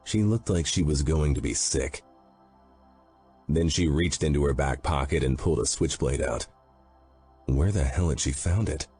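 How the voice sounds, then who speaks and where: Man reading an audiobook in first person, super deep dark voice, grim and intense, faint music underneath. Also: normal speed, pauses often, husky. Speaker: audiobook narrator.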